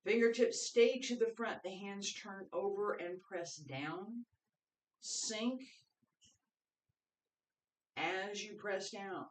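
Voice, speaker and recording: Slow-spoken qigong instructor in an echoey room. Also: medium pitch. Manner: calm, gives paced step-by-step breathing cues. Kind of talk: guided movement class. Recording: roomy echo, voice picked up from a distance.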